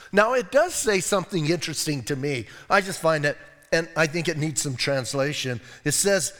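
A man's voice: on the high side, long reverb tail. A man with an American accent preaching a sermon as pastor, telling stories with jokes and asides. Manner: animated storytelling with jokes and asides. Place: church sanctuary.

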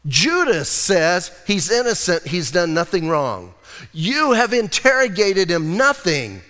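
A male pastor preaching a sermon in a church sanctuary, telling a Bible story in a casual, animated, conversational way. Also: high voice, takes it slowly. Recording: long hall reverb.

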